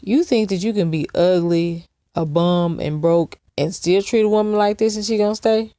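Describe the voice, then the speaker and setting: A woman hosting her commentary channel, picking apart a clip with sarcastic, mocking deadpan asides. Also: fairly low pitch, normal speed, no echo. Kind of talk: reaction commentary.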